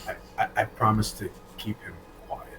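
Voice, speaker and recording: An earnest, hesitant young mechanical boy, played by a man. His voice is low, a little quieter and somewhat distant. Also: flat delivery, normal speed, faint music behind, lightly acted.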